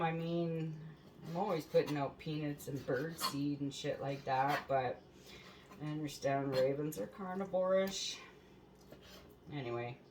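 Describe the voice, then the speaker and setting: A woman's voice: deep voice, a little hiss or hum, rough recording. A woman hosting a home cooking show, chatting casually in her kitchen, swearing freely and laughing at her own stories.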